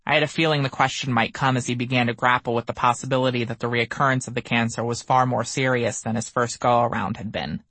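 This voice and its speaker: A man reading his own memoir aloud as an audiobook, measured and somber. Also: mid-range voice, steady tone, a bit bright, no echo. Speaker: memoir narrator. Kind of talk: audiobook narration.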